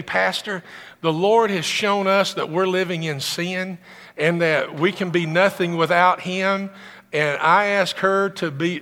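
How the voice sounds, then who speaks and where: Animated pastor preaching in a reverberant hall. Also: male voice, on the high side. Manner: animated preaching, rising to excited emphasis. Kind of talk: sermon. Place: church sanctuary.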